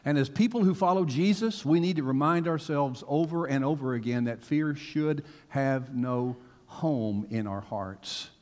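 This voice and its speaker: A man preaching a sermon to a congregation, telling stories with animated swings from hushed to loud. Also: medium pitch, a little slow. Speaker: pastor. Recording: long reverb of a large hall.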